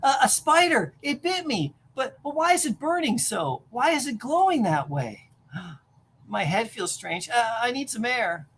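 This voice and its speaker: A woman's voice: on the high side, very animated, a little slow, a bit bright, a little hiss or hum, voice pushed up, full character voice. A woman voicing a shy teenage boy in a comic reading, speaking in a breathless, wondering way. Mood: alarmed. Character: shy teenage boy, amazed by new powers.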